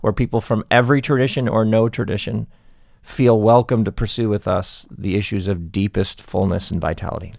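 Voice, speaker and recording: Gravelly guy, wry and playful, talking on a podcast. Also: lowish voice, steady tone, a little fast, darkish tone, no room sound, studio quality. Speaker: podcast guest. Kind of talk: casual chat.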